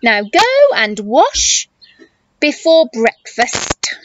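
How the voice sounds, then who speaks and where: A woman's voice: on the high side, animated, extremely slow, pitched below the performer's own voice. A woman voicing the giant's wife in a storybook reading: a fussy, scolding giantess. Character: giant's flustered bossy wife. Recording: muffled recording with hiss.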